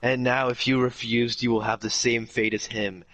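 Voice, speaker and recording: A man's voice: mid-range voice, level tone, normal speed, a bit bright, no room sound, lightly acted, low-quality recording. Brian, a creepy young man, as a man retells him. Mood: menacing. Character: creepy young man obsessed with his sister.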